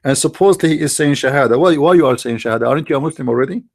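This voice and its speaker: With a fairly high voice and rapid-fire delivery, a live-stream host debates callers into a computer mic. His mocking, polemical monologue jabs at opponents through sarcastic, taunting rhetorical questions.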